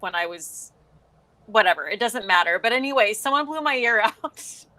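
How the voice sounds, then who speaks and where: Bright, chatty young woman guest. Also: medium pitch, moderate pace, dry recording. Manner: chatty, self-deprecating, animated. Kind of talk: casual chat.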